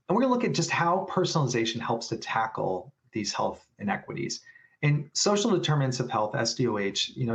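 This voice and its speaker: A man presenting a business webinar on patient care, speaking in a halting way with many restarts and fillers. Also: mid-range voice.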